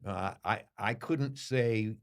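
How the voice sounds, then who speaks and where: An older man, a boxing commentator, answering interview questions with slow, reflective storytelling and emphatic pauses. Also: fairly low pitch.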